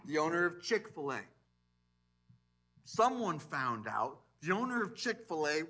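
Animated high-voiced male pastor preaching. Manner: animated, swinging between loud emphasis and quiet asides. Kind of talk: sermon. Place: church sanctuary.

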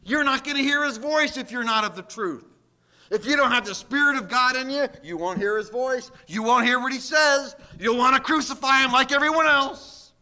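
A man's voice: very high voice, moderate pace, sharp tone. A man preaching a sermon, emphatic and full of rhetorical questions aimed at his listeners. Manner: slips into mocking quoted voices.

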